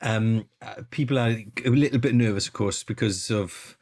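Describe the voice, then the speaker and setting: Man, podcast host, casual chat, stumbling restarts, mid pitch. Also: normal speed, darkish tone. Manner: hesitant, restarts sentences.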